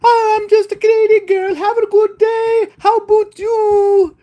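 A man's voice: extremely high pitch, level tone, normal speed, warm tone, voice pushed up. A man putting on a chirpy young Canadian woman. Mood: cheery.

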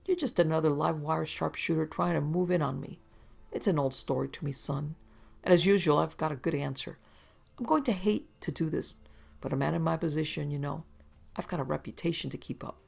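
Woman doing a fat crook boss, gravelly, oily, mock-polite, menacing, storybook reading. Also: deep voice, brisk, a little mellow, full character voice. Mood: smug. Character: fat smooth-talking male crook, menacing.

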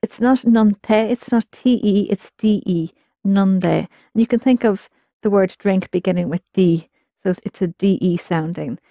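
A woman teaching a language class in a patient, explanatory way, setting out each rule and then prompting her students to try it. Her voice is mid-pitched and recorded close and dry. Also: moderate pace, warm tone, dry recording. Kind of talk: guided language lesson.

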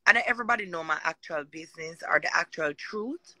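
A woman's voice: fairly low pitch, brisk, crowd noise. A Jamaican woman talking casually on a live chat, emphatic and rambling.

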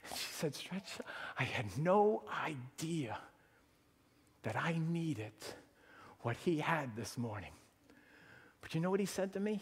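Animated pastor telling stories in a hall. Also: male voice, a little high, husky. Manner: animated storyteller acting out quotes. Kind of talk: sermon storytelling. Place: church sanctuary. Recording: long church reverb.

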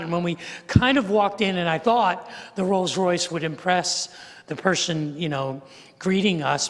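An older man preaching a sermon, telling a personal story in a conversational, self-deprecating way with frequent restarts. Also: on the high side. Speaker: pastor. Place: large church sanctuary. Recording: reverberant church hall.

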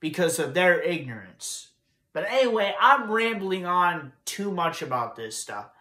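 A man's voice: high-pitched, sing-song, unhurried, pushed and bright. A young man giving a casual, profane, frustrated rant while recapping wrestling news. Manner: frustrated, profane, repetitive ranting. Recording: echoey room.

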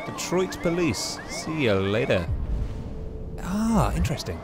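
A man talking his way through a video game with chatty, musing commentary. His pitch rises and falls a great deal, and he keeps breaking into exclamations. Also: very animated, unhurried, over music. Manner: chatty, exclaims and muses aloud while playing. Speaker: gaming YouTuber. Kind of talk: casual gameplay commentary.

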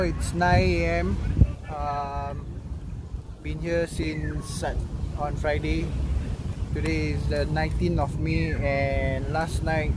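A man talking casually to camera outdoors on a beach as a fishing vlogger, calling his viewers guys. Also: on the high side. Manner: chatty, addresses viewers as guys. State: out of breath. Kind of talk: casual vlog talk to camera. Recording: noisy outdoor recording.

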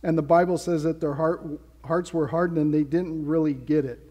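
In a church sanctuary full of long hall reverb, this pastor delivers his sermon in a casual, conversational manner with playful asides. His dark-toned voice is a little high, fairly even in intonation, and moves at a normal speed.

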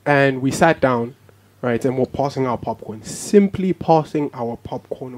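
A young man from South Africa, a podcast guest telling a story in a relaxed chat, lively, laughing often and acting out what people said. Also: mid-range voice, a little slow, hardly any pauses, a little hiss or hum.

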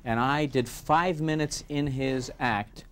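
A comedian around fifty from New York, chatting as an interview guest and telling animated stories. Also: male voice, medium pitch, slight background noise. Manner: animated storyteller, slipping into quick voices. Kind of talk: casual interview chat.

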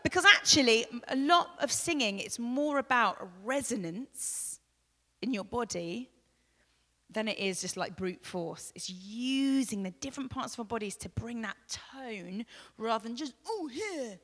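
A woman from England, teaching a live vocal masterclass, chatty and demonstrative, with loud sung demos and soft asides. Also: on the high side, measured pace. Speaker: vocal coach. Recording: long hall reverb.

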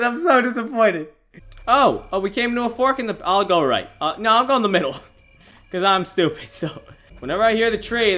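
A teenage boy in his late teens giving excitable, giggly commentary on a horror game, yelping and shouting when startled. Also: high-pitched. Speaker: gaming video host.

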